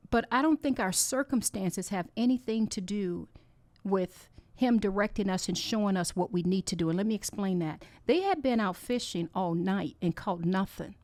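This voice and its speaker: A woman's voice: mid-range voice, darkish tone, no room sound. A woman hosting her own podcast, giving an earnest, encouraging faith-based talk that is close to tears. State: tearful. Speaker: podcast host.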